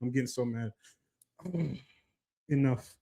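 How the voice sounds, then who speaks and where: A man's voice: mid-range voice, slow pace, warm tone. A man co-hosting a casual podcast, ranting animatedly with lots of swearing and laughter. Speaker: podcast co-host. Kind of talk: casual chat.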